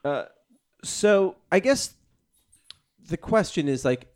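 A man's voice: high-pitched, very animated, slow pace, darkish tone. A man hosting a comedy podcast, telling a story with many fillers and restarts. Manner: rambling, filler-heavy storytelling. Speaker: podcast host. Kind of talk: casual comedy chat.

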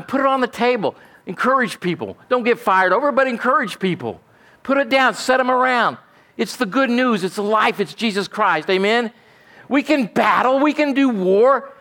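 A man's voice: high voice, fairly bright tone. A male pastor, preaching a folksy, emphatic sermon and asking "amen?" often.

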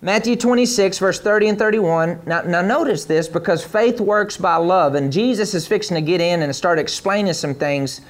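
A man's voice: high voice, moderate pace, hardly any pauses. A man preaching a sermon to a church congregation, reading scripture aloud and asking the room to follow along. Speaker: pastor.

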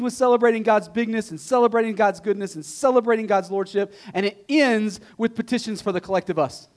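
A man's voice: high-pitched, quick pace, hardly any pauses. A male pastor preaching a sermon in a conversational way, tossing out rhetorical questions and repeating key points for emphasis. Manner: emphatic repetition.

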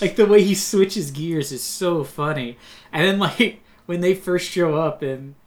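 A man with a fairly high voice recounts favorite movie moments in a relaxed chat. He laughs along as he tells them and sometimes stalls while hunting for a word. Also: measured pace. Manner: animated retelling of scenes, laughing, loses his words. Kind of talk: casual film discussion.

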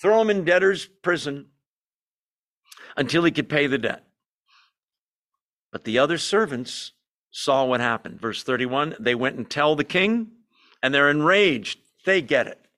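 A man with a somewhat high voice leads an evening Bible study. He teaches with lively emphasis, often stops to put questions to the group, and now and then pokes fun at himself. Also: unhurried, long pauses. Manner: self-deprecating asides.

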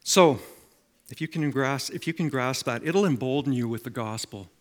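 A middle-aged man preaching a sermon, telling stories and making emphatic, animated appeals to the congregation. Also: mid-range voice, normal speed. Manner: animated storytelling with acted quotes and emphatic appeals.

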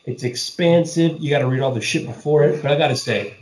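A man co-hosting a casual podcast chat, excitable and profane, laughing often and swearing freely. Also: fairly high pitch, brisk, roomy sound, rough recording. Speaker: podcast co-host.

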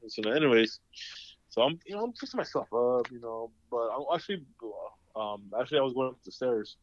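A man's voice: mid-range voice, lively intonation, a little fast, no room sound. A man telling a long story in casual chat, rambling and profane, full of fillers. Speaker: podcast host. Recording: dull lo-fi dry sound.

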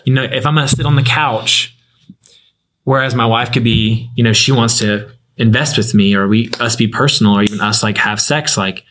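A man's voice: mid-range voice, moderate pace, a bit bright, poor audio. A young man in his twenties sharing a personal story in a casual group chat, rambling with many fillers. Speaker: group member.

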